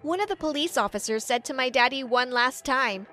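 Woman storyteller, higher voice, lively narration, faint music behind. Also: brisk. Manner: lively, animated storytelling with acted quotes. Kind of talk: first-person story narration.

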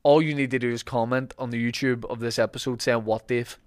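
A man's voice: mid-range voice, steady tone, a little fast, clear, resonant tone. A man with a Northern Irish accent hosting a podcast, doing ad reads and joking with guests in a rambling, laughing way. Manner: jokey, rambling, laughs often. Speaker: podcast host. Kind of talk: casual podcast chat and ad reads.

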